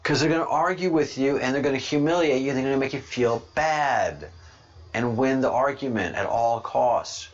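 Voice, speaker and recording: A man from Ireland hosting a podcast, talking casually in an animated, rambling way and laughing often. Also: medium pitch, normal speed. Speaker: podcast host. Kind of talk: casual monologue. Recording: dull lo-fi recording.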